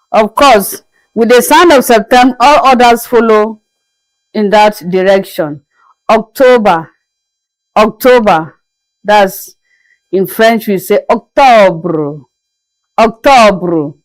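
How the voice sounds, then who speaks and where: A woman teaching a French lesson, speaking slowly and repeating each word carefully for her learners. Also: fairly high pitch, no room sound, poor audio. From Nigeria. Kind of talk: classroom language lesson.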